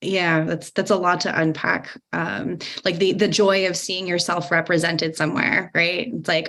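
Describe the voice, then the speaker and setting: A woman's voice: on the low side, little pitch movement, moderate pace, fairly bright tone. A woman moderating a podcast panel, who talks in a casual, reflective way. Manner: casual, reflective talk with many fillers.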